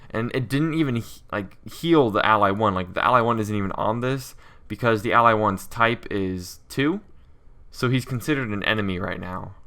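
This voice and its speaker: A man's voice: fairly low pitch, bright, forceful tone. A man giving a casual coding walkthrough as a game developer, thinking aloud with lots of fillers.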